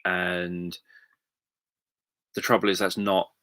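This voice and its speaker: Man, low pitch, crisp bright tone, rambling livestream chat, many fillers. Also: level tone, takes it slowly, dry recording. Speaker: hypnotherapist answering viewer questions. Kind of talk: casual livestream talk.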